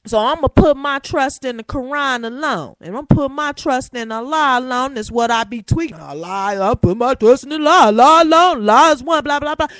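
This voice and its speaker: Animated woman preaching with street slang. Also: high voice, moderate pace, few pauses, dry recording. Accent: African American Vernacular English. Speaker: talk show host. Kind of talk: casual religious talk show monologue. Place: her room at home.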